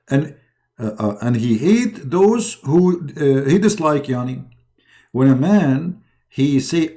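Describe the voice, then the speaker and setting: A man's voice: medium pitch, animated, unhurried, warm tone. A man hosting a mocking religious commentary, talking sarcastically in broken English. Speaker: host.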